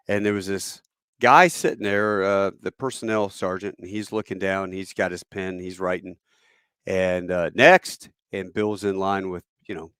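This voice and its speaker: A man's voice: fairly low pitch, fairly bright tone, clear, resonant tone, no room sound, studio quality. A man casually retelling an anecdote, acting out the quoted voices of the people in it. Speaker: storyteller. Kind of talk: spoken anecdote.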